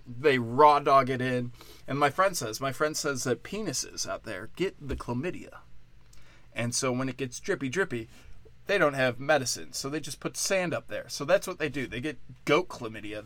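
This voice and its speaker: A man's voice: medium pitch, animated, moderate pace, a bit bright. A tipsy man hosting a podcast, delivering a crude, rambling comedic monologue and often breaking off mid-thought. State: tipsy from tequila.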